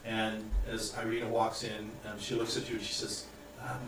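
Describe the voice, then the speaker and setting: A man's voice: fairly low pitch, monotone, a bit bright. Man, game master, rambling narration, roomy echo, distant mic, faint hiss. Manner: rambling, halting, many fillers. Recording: echoey room, mic far off, faint hiss.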